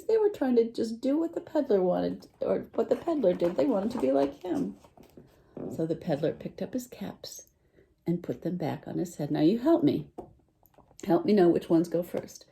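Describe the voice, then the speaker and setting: A woman teacher reading a picture book aloud to children, animated and full of questions for her listeners. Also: medium pitch, vocal fry. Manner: animated, asks listeners questions, lively voice swings.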